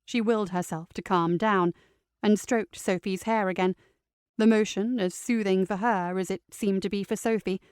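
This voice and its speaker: A woman reading a novel aloud in steady, scripted narration. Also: medium pitch, normal speed, clear, resonant tone, no room sound, clean studio sound. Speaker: audiobook narrator.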